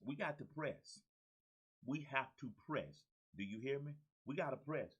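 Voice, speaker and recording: A man's voice: medium pitch, expressive, unhurried, a bit bright, slightly rough, rough recording. A man, hosting his own show as a motivational coach. He talks with exuberant energy, repeats his key phrases and calls out to his listeners like a preacher. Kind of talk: energetic motivational talk to camera.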